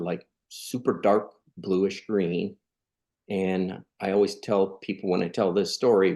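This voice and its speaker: Low-pitched and creaky with a darkish tone, this middle-aged man from California shares a personal story as a podcast guest. He keeps it earnest and conversational, performing the lines of dialogue as he goes.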